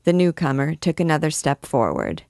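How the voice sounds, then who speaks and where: A woman reading a classic novel aloud, measured and expressive, lifting her voice for quoted shouts. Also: low voice, creaky, no echo, clean studio sound. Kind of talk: read-aloud narration.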